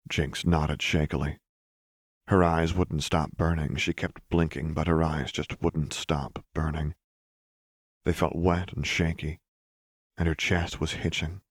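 A man narrating fan fiction with measured, tender storytelling. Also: a bass voice, steady tone, dry recording, studio quality. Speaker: audiobook narrator.

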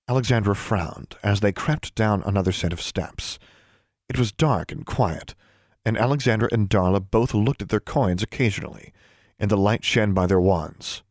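Low-voiced male audiobook narrator. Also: normal speed, no echo, studio quality. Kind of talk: scripted story narration.

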